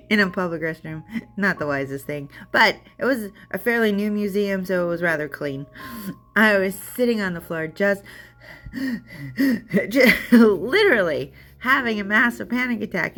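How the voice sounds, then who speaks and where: A woman's voice: on the low side, a bit bright. A woman giving an earnest, emotional personal testimony about overcoming fear. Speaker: storyteller sharing her recovery.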